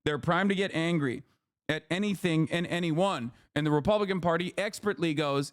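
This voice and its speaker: A man runs a live stream of political commentary, and his voice sits a little higher than most men's. He swears freely and repeats himself often, with a lot of "okay?" thrown in. The close mic catches him dry, with no echo. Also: moderate pace. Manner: profane, ranting, emphatic.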